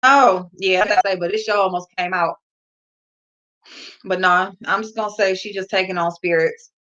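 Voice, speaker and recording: Brief: slow, higher-voiced woman livestream host, giggly and blunt, on dull lo-fi audio. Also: fairly bright tone. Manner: giggly, laughing through her words; slangy, blunt, swears freely. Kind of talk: casual chat with live viewers.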